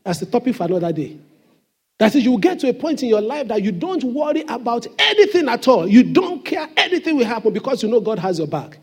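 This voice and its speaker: A man's voice: very high-pitched, very animated, fast, darkish tone, slightly rough. A man preaching a sermon as pastor in a church, with emphatic call-and-response questions to the congregation.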